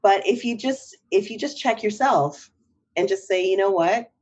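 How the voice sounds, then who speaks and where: A woman's voice: medium pitch, normal speed, darkish tone, slightly rough, lo-fi sound. A middle-aged woman, a psychotherapist, talking in a podcast interview in a reflective way, often checking in with "right?". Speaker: psychotherapist guest.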